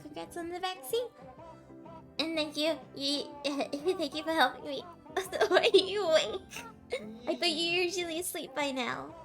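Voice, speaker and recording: A high-voiced woman reads a fairytale aloud to her stream, giggling often and tripping over words. Faint music plays quietly under her voice. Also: a little slow. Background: faint background music.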